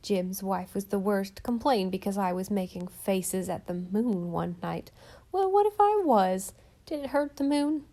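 A woman voicing a hoarse, rambling old countrywoman. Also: mid-range voice, fairly even intonation, unhurried, hardly any pauses, dark tone. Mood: folksy chatter. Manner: rambling homespun talk with rustic grammar. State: hoarse from a cold. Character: chatty lonely old countrywoman, folksy and kindly.

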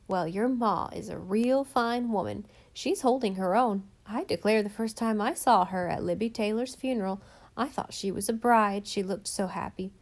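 A talkative old country widow, as a woman reads her part, her voice a little hoarse from a cold. She rambles on in homespun grammar, kindly and eager for company, like a character in a storybook read aloud. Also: medium pitch, normal speed, lightly acted. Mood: folksy chatter. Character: chatty lonely old countrywoman, folksy and kindly.

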